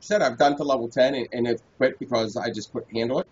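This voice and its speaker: A man's voice: mid-range voice, steady tone, fast, a little mellow, breathy edge. A man hosting a casual gaming podcast, telling his own stories and asking questions. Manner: storytelling, asks questions. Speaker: podcast host. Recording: dull lo-fi podcast audio.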